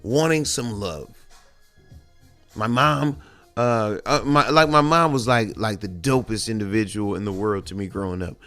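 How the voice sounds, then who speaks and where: Profane confessional man with a smooth voice. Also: lowish voice, measured pace, sharp tone, faint music behind. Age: adult with children. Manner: profane, confessional, rambling with many restarts. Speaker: podcast host. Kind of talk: candid solo podcast monologue.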